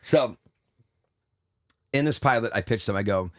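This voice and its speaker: A man's voice: fairly low pitch, a little slow, long pauses, no echo, studio quality. A man who is a comedian, telling rambling anecdotes in a casual interview while he is losing his voice. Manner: rambling anecdotes full of fillers and restarts. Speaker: comedian guest.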